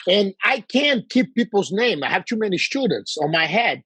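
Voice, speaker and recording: A man from Brazil with a Brazilian accent, telling lively anecdotes in casual chat with quoted dialogue. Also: high-pitched, moderate pace, husky, no room sound, poor audio.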